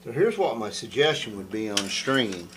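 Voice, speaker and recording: A man's voice: on the low side, big pitch swings, normal speed, a bit bright, low-quality recording. A man talking casually to the camera while repairing an old guitar, rambling and thinking aloud as he works.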